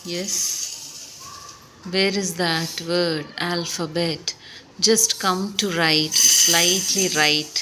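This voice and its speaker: A woman teaching spelling one-on-one, coaxing and encouraging in a slow, unhurried way. Her voice sits a little low, with a faint hiss in the background. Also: steady tone.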